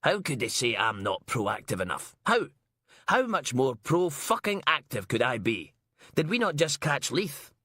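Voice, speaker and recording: A man's voice: mid-range voice, sing-song, a little slow, sharp tone, slightly rough, no room sound, clean studio sound, pitched above the performer's own voice, full character voice. Man voicing a sweary female inspector. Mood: furious. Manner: sweary, sarcastic, ranting. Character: foul-mouthed brash female detective inspector.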